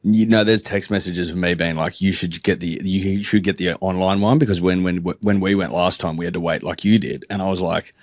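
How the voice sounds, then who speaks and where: A man's voice: low voice, fairly even intonation, brisk, hardly any pauses, dry recording, studio quality. A man chatting casually on a podcast, blokey and sweary, calling everyone mate. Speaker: podcast co-host. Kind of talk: casual chat.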